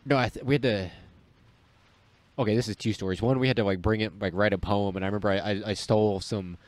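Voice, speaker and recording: A man's voice: lowish voice, steady tone, fast talker, dry recording. A young man with a stuffy nose, co-hosting a podcast and telling rambling stories full of restarts and acted-out quotes. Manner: rambling storyteller, many restarts and quoted voices. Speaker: podcast co-host. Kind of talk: casual chat.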